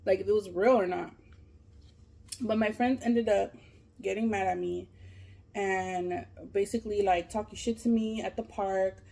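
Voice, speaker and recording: A woman vlogger telling a long story while she eats, casual and animated, full of fillers and swearing. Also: mid-range voice, a little slow, creaky. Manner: animated, profane, lots of fillers. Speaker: mukbang vlogger.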